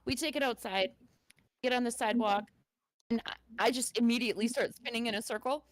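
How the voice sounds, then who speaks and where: A middle-aged woman co-host with a slightly high voice, recorded dry and close. She tells stories in a casual, profane way and laughs often. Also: fairly quick, no echo. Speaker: podcast co-host. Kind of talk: casual comedic podcast chat.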